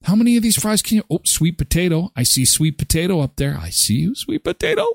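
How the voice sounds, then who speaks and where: A man's voice: on the high side, big pitch swings, quick pace, no echo. A man hosting a live morning show, jokey and rambling as he chats and reads ads. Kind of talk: casual chat with ad reads.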